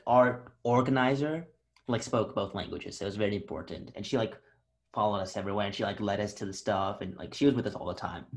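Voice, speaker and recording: Chatty young American man, low voice. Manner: eager, chatty, jumps in over the other speaker. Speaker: podcast host. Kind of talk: casual chat.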